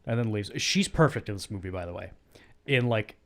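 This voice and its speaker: Deadpan man in casual podcast chat. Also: lowish voice, brisk. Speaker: podcast co-host.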